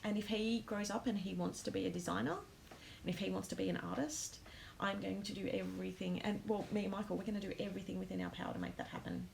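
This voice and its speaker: A woman hosting a casual live stream, talking straight to her viewers and reading their comments. Her voice carries a gravelly edge, and she fills her pauses with ums. A faint hum sits in the background. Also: mid-range voice, fairly even intonation, a little mellow, low-quality recording. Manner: emotional, many ums, talks to comments. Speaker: host of a planner live stream.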